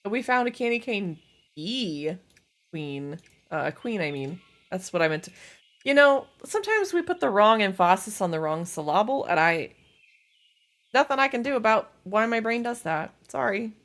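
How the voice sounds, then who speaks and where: A young woman chatting casually while livestreaming a game, self-deprecating and quick to laugh. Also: on the high side, very animated, a bit bright. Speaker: streamer. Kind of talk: casual gaming livestream chat.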